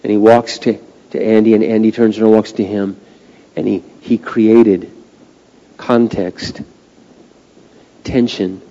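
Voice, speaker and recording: A male pastor preaching a sermon, swinging from hushed, slow passages to loud, drawn-out climaxes. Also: on the low side, flat delivery, lo-fi sound. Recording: long reverb of a large hall.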